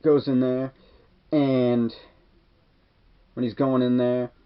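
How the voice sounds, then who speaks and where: Man, casual movie recap, rambling, filler-heavy, mid pitch, muffled lo-fi audio. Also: level tone, slow pace, clear, resonant tone. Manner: rambling, full of "like" and "kinda". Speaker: movie reviewer. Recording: dull lo-fi recording.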